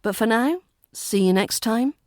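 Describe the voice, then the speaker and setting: A woman's voice: on the high side, unhurried, a little mellow, dry recording, studio quality. British woman giving a pronunciation lesson. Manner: clear, carefully articulated teaching delivery. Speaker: accent coach and podcast host. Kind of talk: spoken English lesson.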